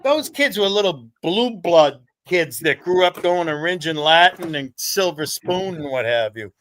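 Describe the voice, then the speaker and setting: A man's voice: fairly high pitch, lively intonation, unhurried, a bit bright, low-quality recording. A man hosting a livestream, chatting casually in a rambling, profane way. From New England. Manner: rambling, profane, swears freely. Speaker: livestream host. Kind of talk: casual chat.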